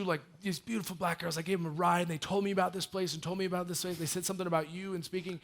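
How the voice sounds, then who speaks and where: A man in his thirties giving a casual, animated storytelling talk as a guest speaker. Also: high voice. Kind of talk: storytelling talk to a live audience.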